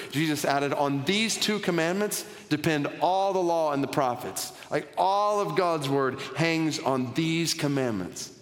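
A man preaching a sermon as a pastor, earnest and building in energy as he stresses his points. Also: a little high. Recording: long hall reverb.

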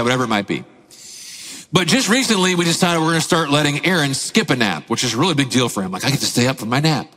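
Animated pastor in an echoing hall. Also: male voice, fairly high pitch. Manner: animated storyteller, acts out quotes, laughs often. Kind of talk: sermon with personal story.

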